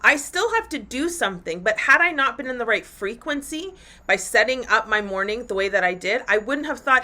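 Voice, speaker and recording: A woman's voice: on the high side, expressive, brisk, sharp tone. A woman hosting a live motivational podcast, talking candidly and with animation, swearing freely as she speaks to her listeners. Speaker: podcast host and women's coach. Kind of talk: live-streamed motivational talk.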